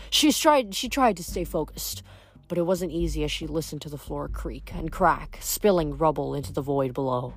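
Woman, low voice, reading a novel aloud, quiet music behind. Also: lively intonation, normal speed, breathy edge. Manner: plain reading with slips and restarts. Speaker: reader.

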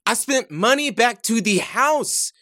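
Player doing a flustered young guy, stammers and begs, high pitched, dry sound. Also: expressive, measured pace, pushed and bright, no room sound. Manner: pleading, stammering. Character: flustered young man son.

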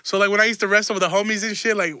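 Young male podcast host, crude rambling self-deprecating comic, bright edgy tone, dry close mic. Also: high-pitched, steady tone, rapid-fire, clean tone, no echo. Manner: profane, rambling, self-mocking. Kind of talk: crude comedic podcast monologue.

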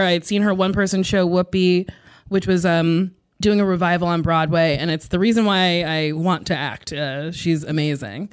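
A woman comedian answering rapid-fire questions, frank and animated, with playful asides. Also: fairly low pitch, clear, resonant tone, no room sound, studio quality. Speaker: stand-up comedian.

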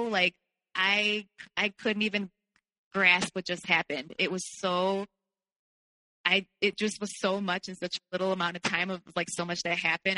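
A woman's voice: medium pitch, bright, forceful tone, dry recording, in a large hall, rough recording. A young woman telling a personal story as a podcast guest in a candid, casual way, with many fillers.

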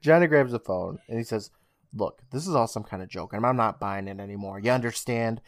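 A man on a podcast walks through an episode scene by scene, dropping into quick voices for the characters and swearing casually. His voice sits a bit low, and the sound is close and dry with no room behind it. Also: no echo. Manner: storytelling retell with swearing, acts out lines. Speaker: podcast co-host recapping an episode. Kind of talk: casual recap chat.

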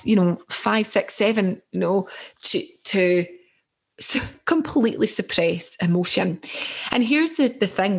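A woman's voice: medium pitch, slightly rough. A middle-aged British woman, a mother and personal growth coach, giving an earnest, conversational motivational talk and often checking in with "right?".

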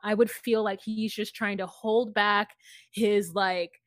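A woman's voice: medium pitch, steady tone, slow pace, dry recording. Blunt woman podcast co-host, dry sound. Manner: frank, blunt opinions with a laugh. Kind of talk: casual chat recapping reality TV.

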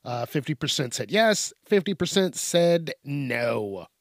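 A man's voice: a little high, very animated, slow pace, no room sound, clean studio sound. A man hosting a solo podcast, rambling casually with a lot of swearing and laughing at his own tangents. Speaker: podcast host.

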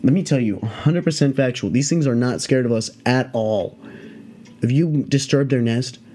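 A man's voice: medium pitch, moderate pace, warm tone. A man telling a story to his listeners in loose, casual speech. He swears freely and leans on fillers as he rambles along, in an ordinary mid-range voice. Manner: profane, rambling, filler-heavy. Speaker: podcast host.

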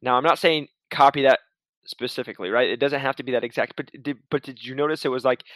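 A man's voice: mid-range voice, steady tone, quick pace, fairly bright tone, no echo. A man giving casual career advice in a chatty, laid-back way, full of restarts and asides. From Arizona.

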